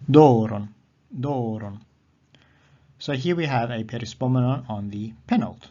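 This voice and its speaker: A man teaching a recorded grammar lesson, explaining patiently and repeating words slowly. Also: mid-range voice, animated, warm tone. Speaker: Greek teacher. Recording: dull lo-fi audio.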